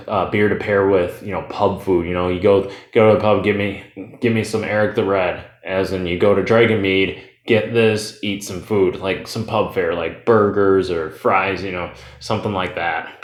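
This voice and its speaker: A man with a lowish voice talks through a beer review in a loose, rambling way. He fills gaps with "like" and "you know" and keeps drifting off topic. The room around him is noticeably echoey. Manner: loose and chatty, rambles off on tangents with fillers.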